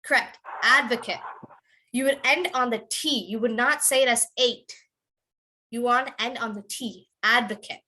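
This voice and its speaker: Bright-voiced woman teaching stress. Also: a little high. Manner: slow, drawn-out demonstration of word stress, repeats words many times; switches into quick Tamil asides. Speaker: English pronunciation teacher. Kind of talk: online class teaching.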